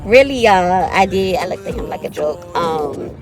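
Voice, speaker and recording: A woman's voice: lowish voice, lively intonation, normal speed, darkish tone, faint music behind. A woman in her thirties with a cold, telling a personal story to her viewers in a casual, chatty way and calling them y'all and honey. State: has a cold. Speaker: vlogger.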